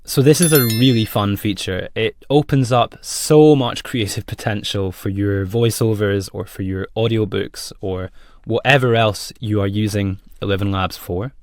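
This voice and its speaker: A man presenting a software demo in a friendly, plain explanatory tone. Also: fairly low pitch, steady tone, moderate pace, few pauses, no echo, clean studio sound. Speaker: product presenter.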